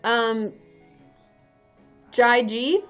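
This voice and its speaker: A woman's voice: a little high, drawn-out words, a bit bright, smooth, soft background music. A woman therapist chatting casually on a livestream, candid and chatty, swearing freely and laughing often. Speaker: licensed therapist hosting a livestream. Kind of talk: casual live-stream chat. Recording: dull lo-fi live-stream audio.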